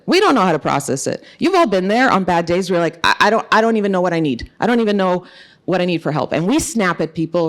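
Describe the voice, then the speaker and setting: A middle-aged woman giving an earnest, emphatic conference talk as an author, telling a personal story. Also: on the low side. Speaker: author and speaker.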